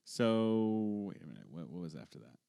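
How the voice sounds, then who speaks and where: Male podcast co-host, low smooth voice, wry casual delivery. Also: sing-song, normal speed, dark tone. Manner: wry, offhand jokes. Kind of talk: casual chat recapping wrestling.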